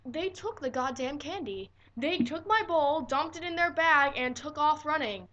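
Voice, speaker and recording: A teenage girl telling a story in a casual vlog, animated and dramatic and swearing freely. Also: high-pitched, moderate pace, dull audio. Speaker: vlogger.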